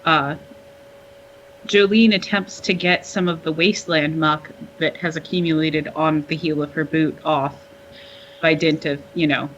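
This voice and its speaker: Woman player, low voice, dull slightly muffled sound, matter-of-fact. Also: steady tone, unhurried, a little hiss or hum. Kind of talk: narrating a character's actions in a tabletop game.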